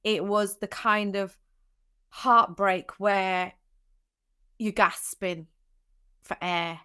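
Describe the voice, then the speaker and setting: A woman's voice: mid-range voice, steady tone, extremely slow, bright, forceful tone, smooth. A young adult woman, a podcast guest, tells a personal story in an emotional way, teary at times, with many restarts and fillers.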